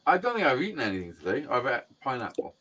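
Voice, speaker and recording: A man's voice: mid-range voice, very animated, rapid-fire, fairly bright tone. A man on a group video call bantering casually, joking crudely and swearing freely.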